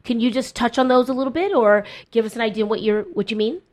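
A woman in her thirties hosting a casual interview, chatty and upbeat with lively questions. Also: fairly high pitch, fast. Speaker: podcast host.

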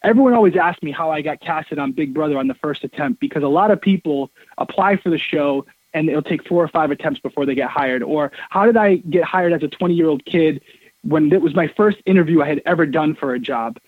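Storytelling is the focus as a male interview guest in his thirties talks casually over a dry phone line without echo. Lively and emphatic, he repeats words and speaks a little fast in a slightly high voice.

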